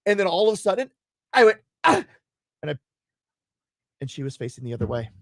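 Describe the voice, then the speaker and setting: A man co-hosting a casual live radio chat, telling a personal story in an animated way and acting out the parts. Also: on the high side, fast talker, creaky, dry recording, studio quality. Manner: animated storytelling, acts out his own screams and quotes. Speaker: radio show co-host.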